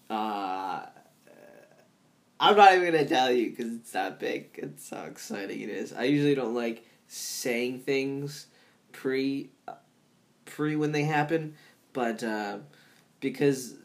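Rambling casual man podcasting alone. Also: on the low side. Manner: rambling, filler-heavy, restarts sentences, laughs at himself. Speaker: podcast host. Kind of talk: casual solo podcast talk.

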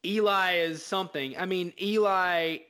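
A man co-hosting a casual film podcast, talking in an animated, profane way and acting out scenes. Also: sits high, unhurried, clear, resonant tone. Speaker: podcast co-host.

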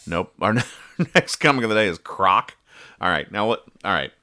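Sarcastic low-voiced podcast host, bright tone. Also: male voice, lively intonation, moderate pace. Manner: dry, sarcastic explaining of jokes. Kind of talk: casual podcast chat explaining comic strips.

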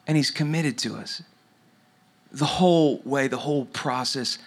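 A man's voice: medium pitch, unhurried. A middle-aged man preaching a sermon, telling a story and dropping to a near whisper at tender moments. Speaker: pastor.

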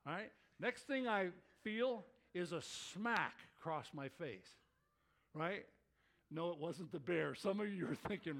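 A man preaching a sermon to his congregation, telling stories in an animated way with exclamations that rise. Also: high-pitched, slow pace, gravelly. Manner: animated storytelling with rising exclamations. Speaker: pastor.

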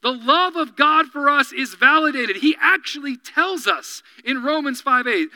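Bright high-voiced male preacher. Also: dry recording, rough recording. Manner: animated preaching, dropping to quiet intense asides; acts out quoted voices and dialogue. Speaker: pastor. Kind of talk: sermon.

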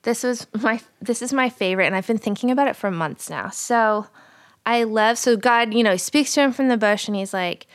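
A young adult woman co-hosting a casual Bible discussion podcast, telling the story with lively put-on voices for the people in it. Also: fairly high pitch, brisk, dry recording, clean studio sound. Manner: animated storyteller, acts out voices in quotes. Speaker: podcast co-host.

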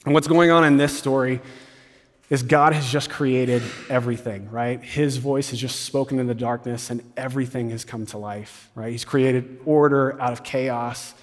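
A man preaching a conversational sermon as a campus pastor, retelling scenes with quick asides. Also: medium pitch, fairly even intonation, big-room sound.

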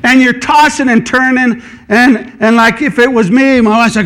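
A middle-aged man preaching a sermon as pastor, in a lively, conversational way that acts out everyday inner dialogue. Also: very high-pitched, moderate pace, few pauses.

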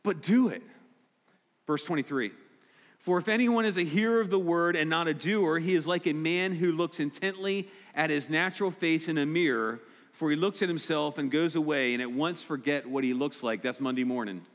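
Here a man with a voice on the high side speaks at normal speed, delivering a sermon as pastor. He is direct and emphatic and keeps repeating his key points. The setting is a church sanctuary with long hall reverb on the recording.

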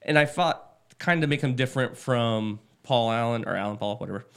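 A young man chatting casually with a group, relaxed and loose, with lots of fillers. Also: mid-range voice, fairly quick, clear, resonant tone. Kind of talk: casual chat.

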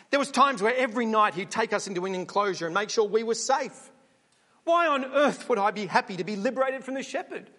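A man's voice: very high voice, a bit bright, voice pushed up, exaggerated voice. A man voicing a terrified male sheep who is blurting out his fear and outrage, heard with a long hall reverb. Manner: panicked, rapid, indignant outbursts. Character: frightened male sheep fleeing his slain shepherd.

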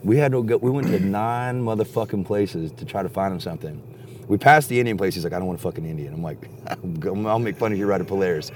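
A man's voice: lowish voice, quick pace, slight background noise. A young man telling a rambling, profane story in casual chat and acting out what people said. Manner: rambling, animated, heavy swearing, acts out quotes.

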